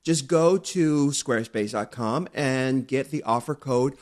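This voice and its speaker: A man's voice: medium pitch, a little slow, a little mellow. A middle-aged man co-hosting a podcast, effusive and campy, chatting and reading an ad. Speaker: podcast co-host. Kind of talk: casual chat and read ad.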